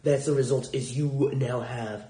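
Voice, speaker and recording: A man's voice: medium pitch, fairly even intonation, measured pace, warm tone. A young adult man hosting a solo podcast, telling a work story bluntly and indignantly, with frequent swearing. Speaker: podcast host. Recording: roomy echo.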